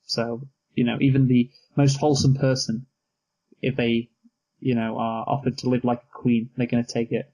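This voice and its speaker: A young man with a relaxed, dry manner, steering a casual movie review chat. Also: mid-range voice, moderate pace, poor audio. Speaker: co-host of a movie review show.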